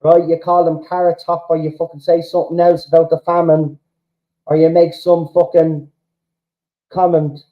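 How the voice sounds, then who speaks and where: A man's voice: fairly high pitch, little pitch movement, moderate pace, muffled recording. An Irish man from the Republic of Ireland hosting a fan livestream, ranting heatedly and swearing, often repeating himself. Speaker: fan channel host. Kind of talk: livestream rant to chat.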